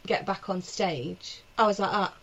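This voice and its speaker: A female stand-up comedian tells a story on a podcast recorded in her back bedroom, animated, acting out quotes and swearing freely in casual chat. Her voice is medium in pitch and a little fast, and the audio sounds dull.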